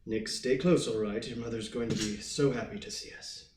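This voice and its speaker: Timid, insecure office dad, played by a man, hushed and soothing, far-off roomy mic. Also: medium pitch, moderate pace, noisy background, natural voice. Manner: hushed, reassuring.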